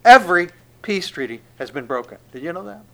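A man preaching a sermon, swinging between loud proclamations and hushed asides and acting out the speech he quotes. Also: fairly high pitch, sing-song, fairly quick.

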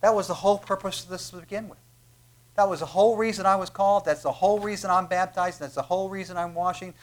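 A male preacher with a high-pitched voice delivering a sermon. He asks the room question after question and leans hard on his key words. His delivery swings from near-whispers to booming repetition. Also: steady tone, fast talker. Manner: emphatic, swings from hushed to booming, rhetorical questions.

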